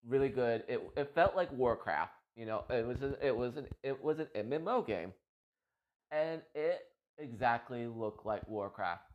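Male game vlogger, mid-pitched, loose rambling chat, slightly muffled recording. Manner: rambling, repeats himself, laughs easily. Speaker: gaming content creator. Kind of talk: casual chat about a game.

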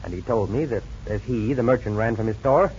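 A calm, businesslike insurance investigator, voiced by a man, lays out his case in a measured tone. It is 1940s radio acting, heard on a dull, lo-fi recording with a faint hiss behind it. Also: lowish voice, natural voice. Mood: methodical.

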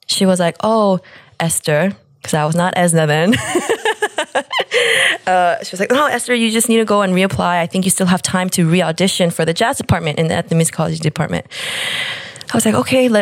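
Young female host, low-ish register, open and lively storyteller, dry close mic. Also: no echo. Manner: candid, animated, swears freely. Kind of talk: casual personal storytelling.

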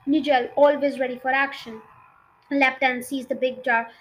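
Storybook reader, woman, high voice, expressive, a few slips. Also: normal speed, rough recording. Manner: expressive reading with small slips. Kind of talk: reading a children's novel aloud.

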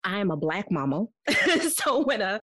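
A woman's voice: medium pitch, measured pace, no room sound. Candid woman guest, dry close sound. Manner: candid, animated, laughs often while telling. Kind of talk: personal storytelling in conversation.

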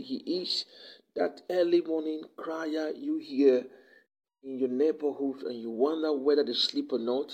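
A man's voice: mid-range voice, breathy edge, low-quality recording. A man giving a devotional sermon and closing prayer, preaching fervently and often repeating words as he builds a point.

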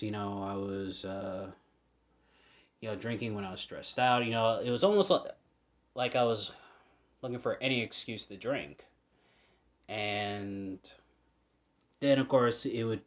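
A man hosting a podcast, talking casually in a halting way with many fillers and restarts. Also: fairly low pitch. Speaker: podcast host. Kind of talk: casual monologue. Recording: dull lo-fi audio.

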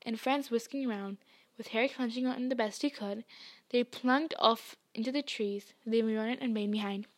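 A woman's voice: fairly high pitch, moderate pace, dry recording. Woman reading a novel aloud. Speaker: reader.

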